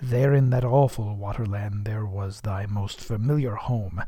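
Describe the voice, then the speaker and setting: A man voicing an obsessed old sea captain in an audiobook, muttering low and solemnly. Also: darkish tone, dry recording, close to an everyday voice.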